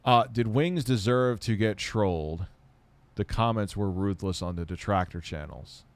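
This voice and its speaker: A man's voice: fairly low pitch, unhurried, dry recording. A man answering viewer questions on a casual live stream, blunt and rambling, often heated and swearing.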